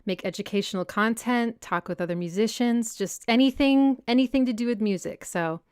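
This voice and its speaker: A woman's voice: on the high side, brisk, a little mellow, clear, resonant tone, no room sound, studio quality. A young woman hosting a casual livestream Q&A about music, reading viewer comments aloud and answering them in a chatty way. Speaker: music analysis channel host. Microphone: personal desk mic.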